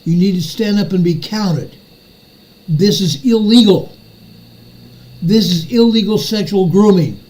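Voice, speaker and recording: Older male host, slow and angry ranter, slightly high voice, repeats lines for emphasis. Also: a little mellow, a little hiss or hum, low-quality recording. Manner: furious, repeats phrases for emphasis. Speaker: show host. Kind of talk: ranting commentary monologue.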